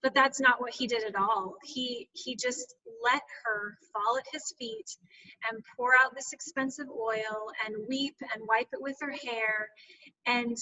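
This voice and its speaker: A woman's voice: a little high, measured pace, bright, forceful tone, a little hiss or hum. A woman author retelling a Bible story and reflecting on it earnestly, with frequent fillers, over a video call. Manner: earnest, reflective, many fillers like "you know". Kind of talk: reflective personal storytelling in an interview. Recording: distant video call audio.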